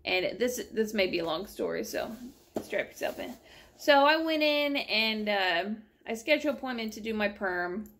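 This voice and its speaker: A young woman tells a long, rambling story to her camera at home, animated and exasperated. Her voice sits a little high and has a gravelly edge of vocal fry. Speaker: vlogger. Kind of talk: casual storytelling vlog.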